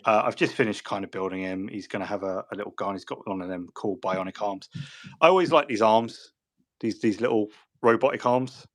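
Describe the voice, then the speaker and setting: A man's voice: fairly low pitch, a little fast. Guy hosting a hobby stream, chatty, joking around, rambles on. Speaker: host. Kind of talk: casual livestream chat.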